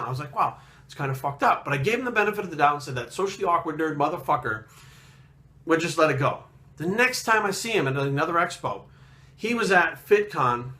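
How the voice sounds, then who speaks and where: A man's voice: on the high side, pushed and bright. A man hosting a fitness channel, talking bluntly and profanely in a heated, casual rant, often acting out what others said. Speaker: fitness video host. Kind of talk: casual ranting monologue.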